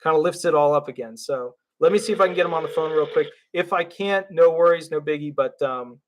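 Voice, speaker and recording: A man hosting a live call-in show as a disability attorney, talking in a rambling, excitable way with lots of fillers and restarts. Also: a little high, fairly quick. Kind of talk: livestream call-in talk.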